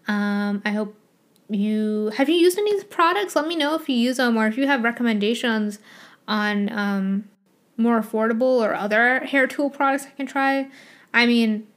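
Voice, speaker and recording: A woman's voice: on the high side, fairly bright tone. A young woman hosting her own podcast, chatting casually and gushing with frequent laughs. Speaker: podcast host. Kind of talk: solo podcast chat.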